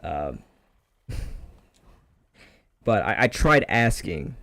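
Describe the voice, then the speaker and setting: A man's voice: lowish voice, big pitch swings, very slow, vocal fry, a bit bright. A man ranting animatedly about a grievance while gaming, with frequent swearing. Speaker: streamer.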